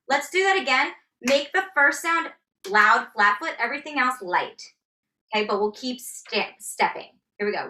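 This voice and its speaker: A woman's voice: sits high, lively intonation, moderate pace, distant mic, noisy background. A woman in her thirties teaching a tap dance class, upbeat and counting out steps as she goes. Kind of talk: live online dance class instruction.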